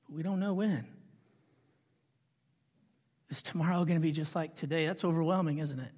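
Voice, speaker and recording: Male preacher, somewhat high voice, poses rhetorical questions and builds to emphatic peaks; reverberant sanctuary sound. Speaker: pastor. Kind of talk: sermon.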